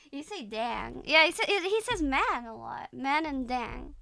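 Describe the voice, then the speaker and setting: A woman's voice: high voice, expressive, a little slow, creaky, hardly any pauses, bright, forceful tone, dry recording. A woman streamer chatting casually and giggling as she reacts to videos on a close mic. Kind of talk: casual live-stream chat.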